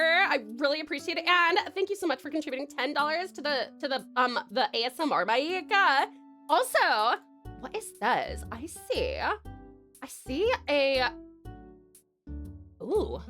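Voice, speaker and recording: A woman's voice: high-pitched, expressive, moderate pace, a bit bright, soft background music. A young woman streaming live, greeting chat, gushing and swearing casually, calling viewers darling. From Tasmania, Australia.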